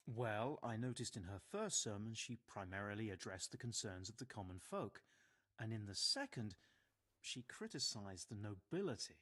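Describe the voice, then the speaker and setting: Worried scholarly monk, formal and measured, husky tone, lively rise and fall. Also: male voice, on the low side. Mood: grave. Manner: measured, grave, formal speech. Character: earnest middle-aged male monk, learned and worried. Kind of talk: video game voice acting.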